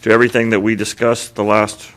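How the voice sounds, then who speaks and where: A man's voice: on the low side, flat delivery, fast talker, a bit bright. A man on a county board reading a rezoning motion aloud in a careful, methodical way. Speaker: board commissioner.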